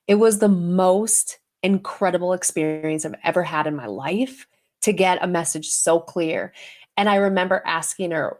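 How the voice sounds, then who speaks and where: Woman guest, casual and animated storyteller who acts out quoted voices. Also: on the low side. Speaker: guest, intuitive healer and medium. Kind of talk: casual storytelling in a podcast interview.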